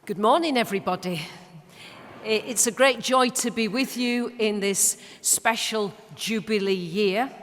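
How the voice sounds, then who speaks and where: A woman's voice: medium pitch, unhurried. A woman in her sixties with a Yorkshire accent, speaking at a church mission, telling stories with humorous asides and some hesitations. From Leeds, northern England. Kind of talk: church talk with anecdotes. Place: large church. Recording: long church reverb.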